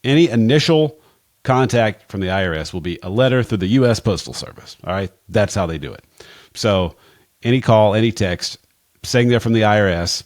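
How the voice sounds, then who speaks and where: Plainspoken man with a low, dry voice. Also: lively intonation, moderate pace, no room sound. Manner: plainspoken, wry, drops into asides. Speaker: financial advisor, podcast guest expert. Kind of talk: casual conversational advice.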